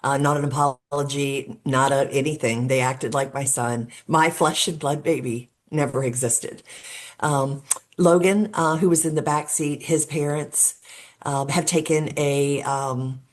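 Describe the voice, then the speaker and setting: A middle-aged woman from Virginia speaks in a low voice as a guest on an interview show. She tells her story earnestly and with passion, with frequent ums and uhs. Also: fairly even intonation, measured pace. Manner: earnest, impassioned, many fillers. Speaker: guest, bereaved mother and safe-driving advocate.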